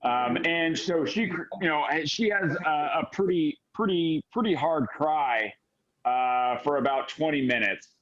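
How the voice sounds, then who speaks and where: Man running a tabletop game, fairly high voice, hesitant delivery, dull lo-fi audio. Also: fairly bright tone. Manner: halting, many fillers and restarts. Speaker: game master.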